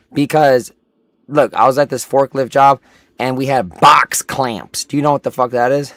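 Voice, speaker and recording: A man's voice: mid-range voice, steady tone, moderate pace, fairly bright tone, no room sound. A young man livestreaming a game while telling a rambling, profane story full of filler words.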